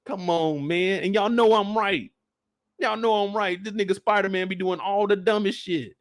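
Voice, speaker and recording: A man delivering an animated, profane, exasperated comedic rant. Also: high voice, moderate pace, no echo, clean studio sound.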